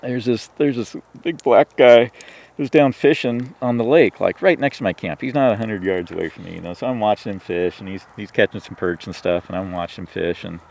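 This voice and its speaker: A man's voice: fairly low pitch, fairly quick, vocal fry, a little mellow. A man from Washington State, a podcast guest telling a hunting story in casual conversation, rambling with frequent restarts and fillers. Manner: rambling, lots of "you know" and restarts. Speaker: podcast guest, turkey hunter.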